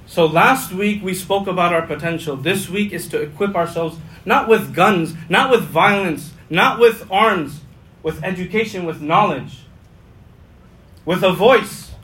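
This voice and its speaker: In a rough recording, an imam preaches the Friday sermon at a measured pace. His delivery is passionate, shifting between forceful loud passages and quiet low ones, with important phrases said again and again.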